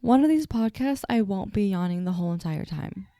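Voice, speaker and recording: Young woman podcast host, sleepy, chatty and self-mocking, mellow gravelly tone, dry close sound. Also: mid-range voice, expressive, fairly quick, dry recording. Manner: chatty, self-deprecating, stutters at times. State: sleepy, yawning. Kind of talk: casual solo storytelling.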